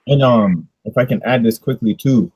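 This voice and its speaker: Man, discussion leader, casual preachy delivery with rhetorical questions, mellow husky tone. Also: medium pitch, normal speed, dry recording, poor audio.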